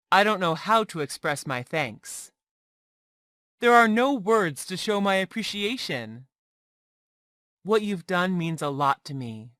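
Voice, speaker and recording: A woman reads learner phrases one by one at an unhurried pace. Her pitch moves a lot between lines. The sound is close and dry, with no room around it. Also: fairly bright tone, dry recording. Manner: slow, deliberate drill reading, one phrase at a time. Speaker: English teacher. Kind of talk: reading practice phrases for learners.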